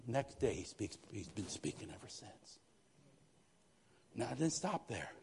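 A man as a pastor preaching an emphatic sermon, repeating phrases and swinging between quiet and loud. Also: fairly low pitch, very animated, unhurried, creaky, pauses often, slight background noise.

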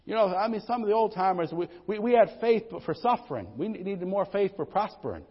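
Fairly quick and animated, this high-pitched middle-aged pastor gives a folksy sermon in a church sanctuary. Humor and storytelling carry it, punctuated by plenty of "amen"s. It's captured in dull lo-fi audio with a long reverb tail.

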